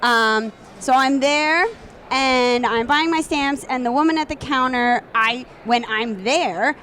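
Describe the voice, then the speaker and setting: A woman from Philadelphia, a comics artist guest, telling an animated story in a casual panel chat. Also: high-pitched, slow, slight background noise. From Philadelphia, USA.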